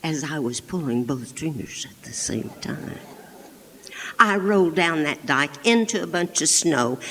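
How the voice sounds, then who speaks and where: A woman storyteller performing a childhood tale live, animated, with sound effects and hushed whispered asides. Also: lowish voice. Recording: echoey hall with long reverb.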